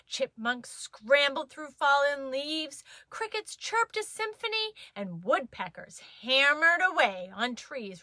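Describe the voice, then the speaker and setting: Playful high-voiced woman storyteller. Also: dry recording. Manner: playful and expressive. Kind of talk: children's story reading.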